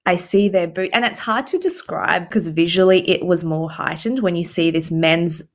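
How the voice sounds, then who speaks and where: A young adult woman, a podcast co-host, telling a story in casual chat, animated and laughing often. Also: on the low side, normal speed.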